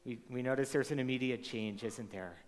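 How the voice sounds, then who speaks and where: A man preaching a sermon in a mid-pitched voice, speaking to his congregation in a conversational way. He asks the audience rhetorical questions as he goes. His voice carries a long reverb from the large hall around him. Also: brisk. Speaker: pastor. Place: church hall with a live congregation.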